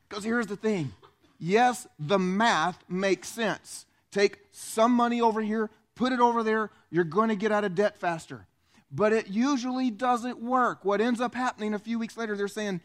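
A man pastor preaching a sermon, animated and acting out the voices he quotes. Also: high-pitched, normal speed.

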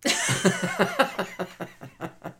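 A woman co-hosting a casual podcast chat. She talks in a low-key, hesitant way and laughs often. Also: expressive, extremely slow, bright, forceful tone. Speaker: podcast co-host.

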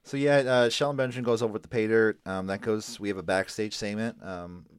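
A man with a low, smooth voice talks through a recap in a relaxed, halting way, with plenty of ums and uhs. The sound is dry and close, with little room around him. He chats casually as a podcast co-host. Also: no room sound. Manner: hesitant, many fillers while recapping. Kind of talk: casual chat.

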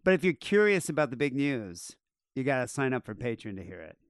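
A man's voice: mid-range voice, big pitch swings, brisk, dry recording, studio quality. A man hosting a podcast in casual chat, with crude jokes and an offhand way of talking. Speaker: podcast host.

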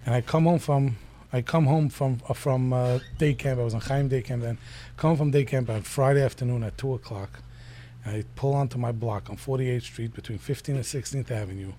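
A man's voice: mid-range voice, a little fast, warm tone, slight background noise. A middle-aged man hosting a casual radio chat show, telling a rambling story full of restarts. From Brooklyn, New York.

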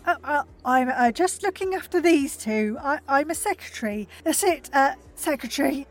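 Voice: high-pitched, animated, moderate pace. A player voicing a flustered female secretary who stammers and hesitates.

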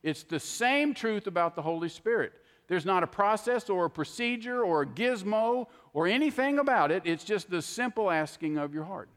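Older man, sermon, folksy and animated, slightly high voice, long hall reverb. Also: moderate pace, few pauses. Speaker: pastor.

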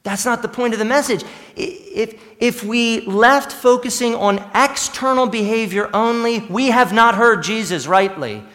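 A male pastor preaching a sermon, swinging between hushed lines and emphatic ones. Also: extremely high pitch, a little slow, few pauses, in a large hall. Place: church sanctuary.

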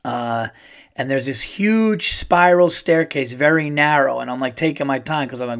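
A middle-aged man hosts his podcast and tells a long personal story. He rambles, gets excited and swears freely. His voice sits in an ordinary middle pitch. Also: moderate pace, smooth. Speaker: podcast host. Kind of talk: casual storytelling monologue.

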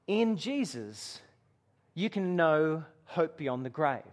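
A man preaching a sermon to a gathering, telling a story and dropping to a hush for dramatic moments. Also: fairly high pitch, lively intonation, takes it slowly. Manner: storytelling with dramatic hushed drops. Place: room with a gathering.

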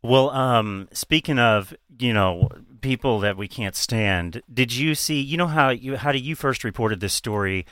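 A man's voice: medium pitch, a little slow, few pauses, fairly bright tone, clear, resonant tone, no room sound. A man co-hosting a casual political talk show, blunt and profane, with rambling asides. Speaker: podcast co-host.

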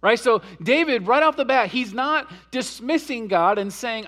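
A man preaching a sermon in a church, his voice notably high for a man. He talks earnestly, climbing into loud, impassioned bursts when he gives voice to a cry, then sinking to a low, quiet hush. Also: expressive, measured pace, few pauses. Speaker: pastor. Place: church sanctuary.

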